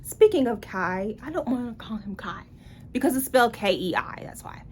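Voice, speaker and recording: A woman's voice: on the high side, lively intonation, moderate pace, slight background noise. A woman giving a casual book review in a blunt, sarcastic way.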